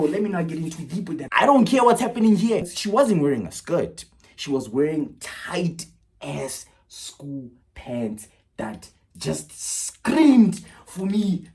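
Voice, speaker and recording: Animated young man telling a story. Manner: animated, swings from loud bursts to low mutters. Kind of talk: casual storytime vlog.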